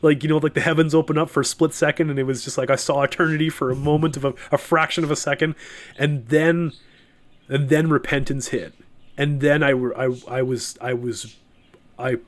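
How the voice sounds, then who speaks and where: A middle-aged man, a podcast guest, telling a personal faith testimony in an earnest, halting way, with many restarts and fillers. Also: on the high side, steady tone.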